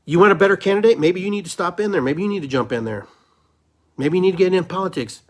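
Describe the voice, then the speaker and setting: A man's voice: high-pitched, quick pace. A middle-aged man hosting a solo podcast, talking fervently and preachily, repeating phrases for emphasis. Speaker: podcast host. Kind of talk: impassioned solo podcast monologue.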